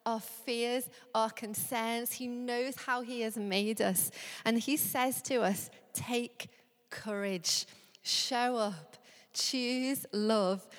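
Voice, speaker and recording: A young woman giving an earnest, measured sermon, slowing down as she reads scripture. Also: on the high side. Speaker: preacher. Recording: long hall reverb.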